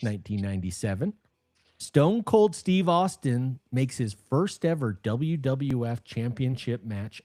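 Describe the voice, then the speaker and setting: A man in his thirties co-hosting a casual podcast, an animated storyteller who bursts into excited emphasis. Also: medium pitch. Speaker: podcast co-host.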